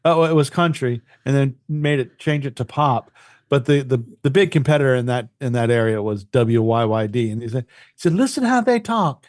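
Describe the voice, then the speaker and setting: A man's voice: medium pitch, animated, normal speed, no room sound, studio quality. A man co-hosting a podcast in casual chat, a former radio broadcaster who talks emphatically, swears a lot and often repeats words.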